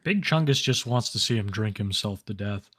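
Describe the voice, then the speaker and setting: A man's voice: on the low side, lively intonation, normal speed, fairly bright tone, dry recording, studio quality. A man co-hosting a casual podcast chat, laid-back and sarcastic. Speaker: podcast co-host.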